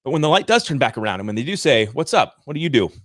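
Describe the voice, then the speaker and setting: A man in his thirties hosting a livestream, giving an energetic, emphatic motivational rant on sales and talking straight to his viewers. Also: medium pitch, rapid-fire, dry recording, clean studio sound. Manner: energetic, emphatic and ranting, addresses viewers directly. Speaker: livestream host and sales coach.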